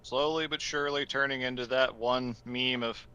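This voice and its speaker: A man narrating a tabletop game as game master, in a theatrical and descriptive manner. His tone is bright. The session runs online. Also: medium pitch, fairly even intonation, normal speed, smooth, highs cut off.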